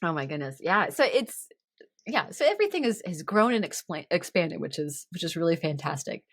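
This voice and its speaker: A giggly woman hosts a relaxed chat, her voice sitting a little low. She laughs often between sentences. The sound is close and dry. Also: no room sound. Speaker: podcast host. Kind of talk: casual chat.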